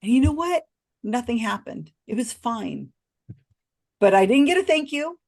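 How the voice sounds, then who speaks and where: A woman guest on a podcast, telling a story expressively with many restarts and asides. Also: creaky. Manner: expressive, swings pitch widely when recounting others; talks in quick restarts and asides. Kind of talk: animated storytelling in a casual interview.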